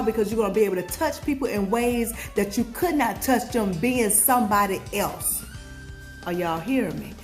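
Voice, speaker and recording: A woman's voice: fairly high pitch, a little mellow. A woman from Georgia with a Southern accent, giving a motivational pep talk to viewers and asking them questions as she preaches. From Georgia, USA. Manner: preachy, call-and-response questions, sings snippets. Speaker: motivational vlogger.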